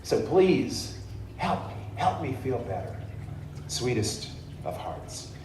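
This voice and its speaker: A man voicing an aging husband who pleads with his wife for comfort in a plaintive, drawn-out way, heard in an echoey church hall from a distant mic. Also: medium pitch, big pitch swings, darkish tone, slight background noise. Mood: pleading.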